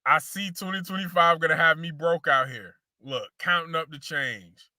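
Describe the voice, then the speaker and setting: A man's voice: fairly high pitch, moderate pace, pushed and bright, dry recording, clean studio sound. A man hosting a casual sneaker show, talking slangy and loose, repeating phrases and calling his viewers y'all.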